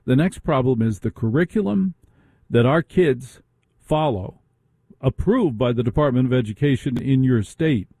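A man's voice: medium pitch, expressive, normal speed, dark tone, dry recording. A middle-aged man hosting a talk radio show, ranting with indignant rhetorical questions. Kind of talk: opinionated talk radio monologue.

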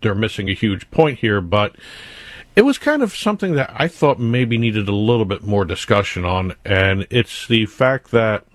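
A man's voice: on the low side, sing-song, normal speed, no echo. A man co-hosting a casual radio talk show, a bit sarcastic and rambling. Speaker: executive producer and co-host.

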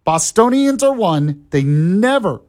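A man's voice: sits high, sing-song, takes it slowly, a little mellow. A man hosting a talk radio show, chatty and laughing often. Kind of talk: casual talk radio chat.

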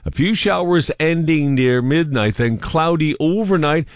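A man reads the news and weather on the radio in a crisp, steady voice. His pitch sits a little high for a man. The sound is dry and close. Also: unhurried, no echo. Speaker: newsreader.

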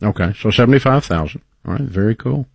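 A man's voice: fairly low pitch, expressive, quick pace, gravelly, darkish tone, breathy edge, dry recording. A man hosting a call-in advice show, talking in an encouraging, folksy, faith-based coaching way, with studio mic sound. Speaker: radio show host.

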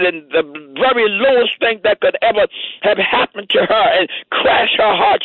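High-voiced preacher over a tinny line. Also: male voice, no room sound. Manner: fervent, repeats amen between phrases. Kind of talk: sermon. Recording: tinny phone-line sound, dry.

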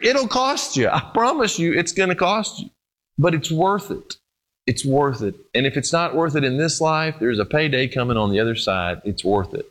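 A man preaching a sermon, talking straight to his listeners and swinging from loud, emphatic peaks down to low, hushed storytelling. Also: very animated, moderate pace. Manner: speaks directly to the congregation, addressing them as folks and guys.

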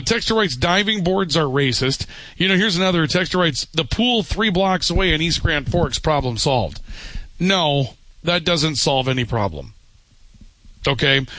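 A male radio host speaks close into a studio mic with a dry, dead sound. His voice sits a touch high, and he delivers his opinions bluntly, with a wry edge. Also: bright, forceful tone, dry recording. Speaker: radio talk show host. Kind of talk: talk radio. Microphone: studio microphone.

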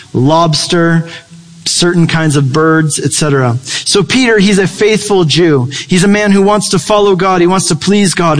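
A male pastor preaching a conversational, humorous sermon, acting out quoted lines. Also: high-pitched. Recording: long reverb of a large hall.

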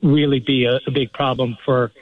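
A man calling in to a radio show, speaking earnestly and haltingly, often restarting his sentences. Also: medium pitch, little pitch movement. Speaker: caller. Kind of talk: phone-in call. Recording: tinny phone line.

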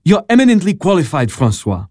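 A man's voice: on the high side, huge pitch swings, fairly quick, darkish tone, no room sound, clean studio sound. An eager, persuasive churchman. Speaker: canon assisting a bishop. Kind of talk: radio drama acting.

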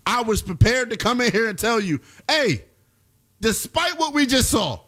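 Animated man giving heated basketball commentary. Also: extremely high pitch. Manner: emphatic, swings between loud outbursts and fast asides. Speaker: basketball show host.

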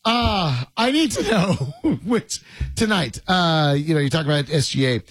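A man's voice: on the high side, expressive, a little slow, a bit bright, no room sound. A man hosting a sports radio show in casual banter, joking and rambling with frequent laughs.

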